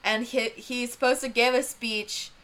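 A woman's voice: on the high side, flat delivery, unhurried, fairly bright tone. A woman in casual movie chat, retelling scenes in a rambling, giggly way. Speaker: podcast co-host.

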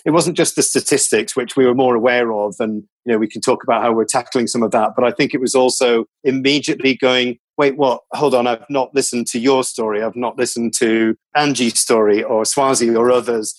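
A man's voice: mid-range voice, fairly even intonation, fairly quick, few pauses, no echo. A man, a radio company executive, talking in an earnest, reflective way in an interview, often restarting his sentences. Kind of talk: conversational interview.

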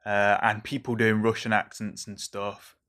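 A young English man chats through a solo podcast on his own. His voice sits a touch low for a man. He rambles in a jumpy, over-caffeinated way and swears casually. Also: little pitch movement, unhurried, fairly bright tone. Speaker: podcast host reviewing films.

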